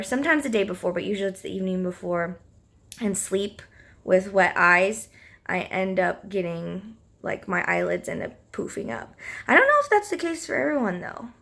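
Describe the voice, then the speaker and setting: A young woman vlogging in a casual, chatty way, giggling often and filling her talk with "like" and "um," with a slightly rough morning voice. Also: mid-range voice. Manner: chatty, giggly, lots of fillers. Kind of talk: casual vlog chat.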